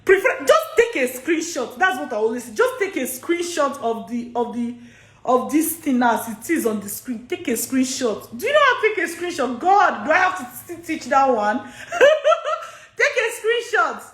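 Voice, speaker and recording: A high-voiced woman with a Nigerian accent answers study abroad questions in a live Q&A. She is chatty and laughs often, repeating her points. The recording has a roomy echo. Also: very animated, moderate pace. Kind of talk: live social media Q&A.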